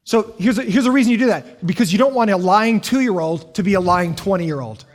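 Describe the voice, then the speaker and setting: A man's voice: high-pitched, brisk. A middle-aged male pastor from the United States preaching a sermon, telling family stories and acting out the voices in them. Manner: storytelling, acting out family scenes. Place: church hall. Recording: long hall reverb.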